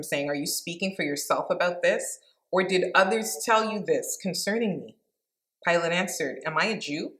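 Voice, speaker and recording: A woman's voice: lowish voice, a bit bright. A woman giving an informal devotional Bible teaching, reading scripture aloud and reflecting on it in an earnest, conversational way.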